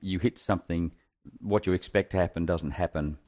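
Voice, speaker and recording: A man speaking in an extremely deep voice as he chats about tabletop games. He talks earnestly and often stumbles as he starts a sentence. His tone stays casual and conversational. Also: fairly even intonation, a little fast, darkish tone.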